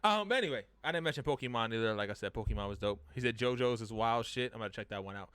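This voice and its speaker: A slightly buzzed man hosts a relaxed podcast chat, his voice bright and bouncing all over the place. He swears freely and laughs a lot, and the sound is close and dry. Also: medium pitch, racing, clean tone, dry recording. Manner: loose and profane, laughs often. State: slightly buzzed, sore throat. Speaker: podcast host. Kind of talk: casual chat.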